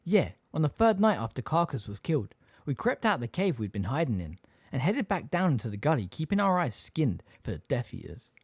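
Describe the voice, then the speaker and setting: A man voicing a huge, gruff half-giant gamekeeper in an audiobook reading, blunt and homely in his speech. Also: on the high side, very animated, fairly quick, dry recording, clean studio sound, voice pushed up, full character voice. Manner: blunt, plain-spoken, homely.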